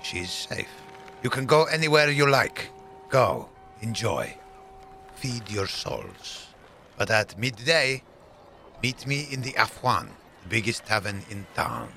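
A man voicing a stern, authoritative court astronomer who speaks in a measured, commanding way. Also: on the low side, big pitch swings, vocal fry, bright, forceful tone, a little hiss or hum, heavily acted.

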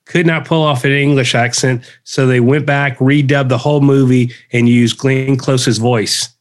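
A man's voice: medium pitch, fairly even intonation, moderate pace. Male co-host, casual chat, easygoing delivery. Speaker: podcast co-host.

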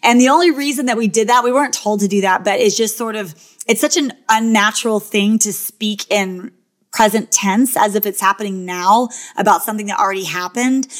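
A chatty woman talking through her reality show days at an easy, medium pitch. She rambles casually, leans on "like" and "you know", and slips into quick little acted-out quotes. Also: a bit bright. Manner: acts out quotes in quick bursts. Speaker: former reality show contestant. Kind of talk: casual storytelling.

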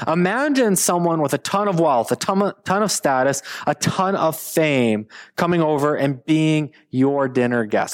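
A man in his thirties, a pastor preaching a sermon with animated, playful storytelling. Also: on the high side.

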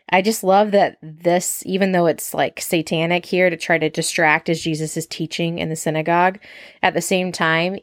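A woman's voice: lowish voice, no room sound, studio quality. Chatty woman teaching Bible study. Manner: reads scripture aloud, then comments with enthusiasm; chatty, frequent "like" and laughs. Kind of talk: casual verse-by-verse Bible study.

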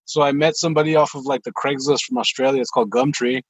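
Husky laid-back man telling stories. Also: mid-range voice, fast, dry recording, lo-fi sound. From United States. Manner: laid-back, animated retelling with quoted dialogue, lots of "like" and "dude". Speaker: chef telling his life story. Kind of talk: casual storytelling.

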